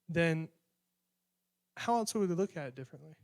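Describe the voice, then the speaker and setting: A man's voice: fairly high pitch, expressive, normal speed, pauses often. Conversational young man preaching a sermon. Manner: conversational preaching, acts out prayers and dialogue.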